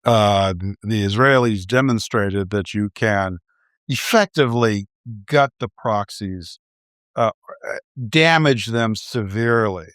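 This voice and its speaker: A man speaking as a guest analyst in a policy discussion, measured and halting with frequent restarts. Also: lowish voice, a bit bright, dry recording, studio quality.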